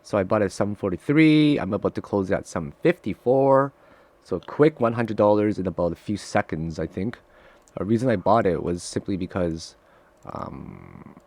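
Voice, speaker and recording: Profane, excitable man with a low voice. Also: normal speed, no room sound. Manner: excitable and profane, swinging from loud frustrated outbursts to low muttering; talks straight to viewers, calling them guys. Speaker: day trader streaming live trades. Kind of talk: live trading commentary.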